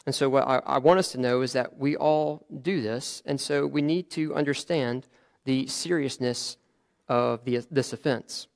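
A man's voice: mid-range voice, steady tone, measured pace, creaky. A man preaching a sermon in a conversational way, often restarting his phrases and adding fillers.

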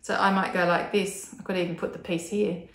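A woman's voice: lowish voice, flat delivery, fairly quick, creaky. A woman speech pathologist explaining techniques in an instructional video, demonstrating sounds with careful, exaggerated enunciation. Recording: echoey room.

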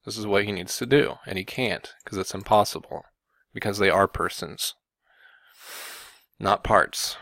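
A man giving combative Bible commentary, often pausing on "okay" and "you know" to press his point. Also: fairly low pitch, vocal fry, pushed and bright, no room sound. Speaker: religious video commentator.

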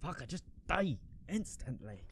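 Excitable, foul-mouthed male gamer. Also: a little high, measured pace, vocal fry, slightly rough. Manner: profane, excitable, self-mocking. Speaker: gaming video creator. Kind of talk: casual gameplay commentary.

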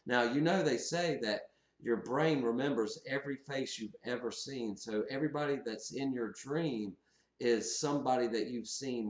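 A man tells a wild story straight to his viewers, his voice mid-pitched and easygoing, often breaking into laughter as he goes. The room around him rings with a noticeable echo. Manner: animated, laughs often while recounting. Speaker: channel host. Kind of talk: casual storytelling to camera.

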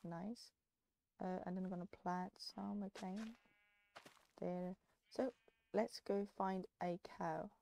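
A woman's voice: medium pitch, steady tone, takes it slowly, vocal fry, pauses often, dark tone, a little hiss or hum. A woman hosting a casual game let's play, playful and coaxing, baby-talking to the animals. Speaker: gaming channel host.

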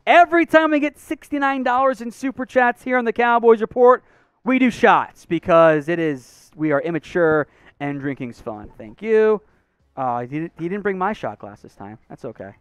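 Male live-stream sports host; smooth, crisp voice in a dry space, energetic banter. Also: high voice, normal speed, no room sound, faint music behind. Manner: energetic, animated banter with viewers.

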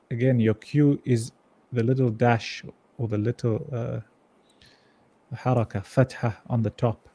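A man's voice: medium pitch, little pitch movement, unhurried, mellow, dry recording. A man teaching an online Arabic reading class, patiently sounding out each syllable and repeating it for his students.

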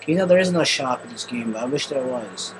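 A man doing excitable gameplay commentary, often yelling and swearing at the game. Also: mid-range voice, fairly quick, noisy background. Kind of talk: let's play commentary.

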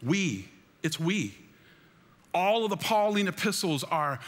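Male pastor with a high voice, preaching to a congregation on a stage mic, long church reverb. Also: big pitch swings, slow pace, long pauses, a little hiss or hum. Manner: preaching with call-and-response to the congregation. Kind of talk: sermon. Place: large church auditorium.

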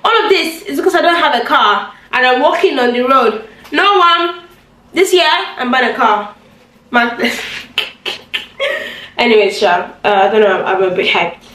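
A young woman chats to her phone camera at home, a little higher than most. She is sassy and talkative, and her voice jumps up sharply when she is outraged. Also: lively intonation, measured pace, bright, forceful tone, low-quality recording. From Nigeria. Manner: chatty and sassy, with sudden high exclamations. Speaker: vlogger. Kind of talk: casual vlog chat to camera. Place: home, indoors.

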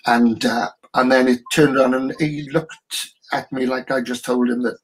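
A man's voice: medium pitch, steady tone, normal speed, slight background noise. A man chatting casually as a guest, telling stories in a wry, self-mocking way. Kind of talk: casual chat.

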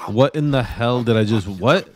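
A man's voice: mid-range voice, normal speed, a little hiss or hum. A man hosting a casual let's play, joking crudely and rambling as he plays. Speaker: gaming video host. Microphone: desk mic, no camera.

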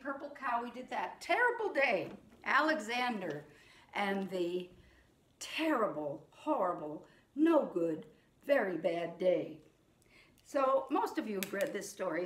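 A middle-aged woman teaching young children in a sing-along music lesson, speaking gently and patiently. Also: a little high, reverberant.

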